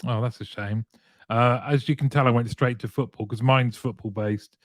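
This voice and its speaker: A friendly, chatty man hosts a weekly live show, welcoming each viewer by name as they join. His voice sits at an ordinary pitch and the sound is dry, with no room echo. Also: fairly even intonation, moderate pace. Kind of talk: live-stream chat greeting viewers.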